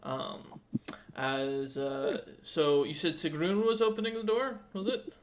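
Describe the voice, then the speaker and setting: A man narrating as dungeon master, halting often with fillers as he describes the scene. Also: a little high. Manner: halting, many fillers and pauses. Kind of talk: narrating a tabletop game.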